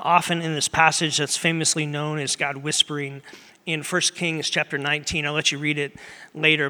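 A man preaching a sermon as pastor, earnest and conversational, dropping to a hush at times and rising loud at others. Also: a little high. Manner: conversational and earnest, shifting between loud and hushed. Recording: long hall reverb.

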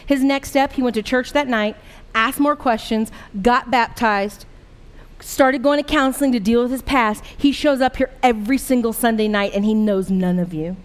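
A woman's voice: a little high, moderate pace. A middle-aged woman pastor giving a sermon in an earnest, conversational way, full of rhetorical questions.

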